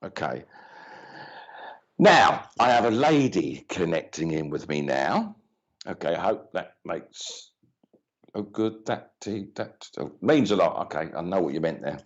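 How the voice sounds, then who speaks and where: A man's voice: low voice, sing-song, a little slow, lo-fi sound. A man giving a live mediumship reading, chatty and cheeky, with many restarts and asides.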